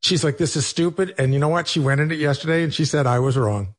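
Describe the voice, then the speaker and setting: A man's voice: medium pitch, quick pace. A man on a radio show animatedly telling a self-mocking story, acting out both sides of the conversation. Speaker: radio show regular, producer.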